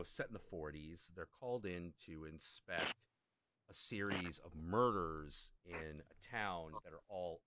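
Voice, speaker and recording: A man's voice: low-pitched, no echo. A man hosting a stream, telling a long anecdote in casual chat and acting out the people in it. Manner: animated, acts out quoted characters. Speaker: stream host telling a story.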